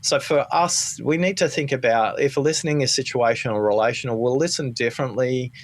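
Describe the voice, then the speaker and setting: A man speaking as a guest on a podcast, calling in remotely and telling stories with lively acted-out dialogue. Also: medium pitch, a little fast. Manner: animated storyteller who acts out quoted dialogue. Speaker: podcast guest, listening expert. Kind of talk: conversational storytelling interview. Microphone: remote call-in.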